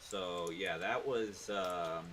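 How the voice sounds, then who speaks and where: A man's voice: low voice, extremely slow, a bit bright, a little hiss or hum. A man casually telling a rambling, laid-back story to a co-host. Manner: rambling, laid-back, uses fillers like blah blah blah.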